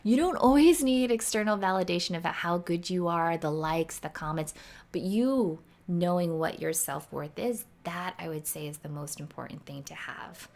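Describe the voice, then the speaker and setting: A woman chatting casually as a guest expert on a live stream, animated and playful, acting out little voices in her stories. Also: fairly low pitch, normal speed, creaky.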